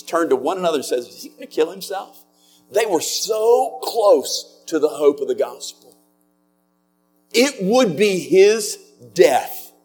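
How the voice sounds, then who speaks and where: A man preaching a sermon as a pastor, earnest and slowing down on key words. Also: fairly high pitch, darkish tone.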